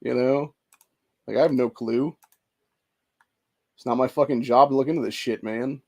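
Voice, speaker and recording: A man's voice: mid-range voice, steady tone, normal speed, warm tone. A man in his forties venting in a rambling, profane monologue, emotional and stressed out. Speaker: vlogger.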